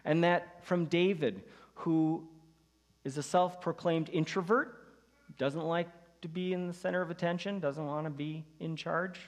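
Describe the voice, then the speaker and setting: A man serving as pastor, introducing a speaker at a service in a gentle, measured way, with soft trailing phrases. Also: fairly high pitch, fairly even intonation. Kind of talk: sermon introduction. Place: church sanctuary. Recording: reverberant church sanctuary.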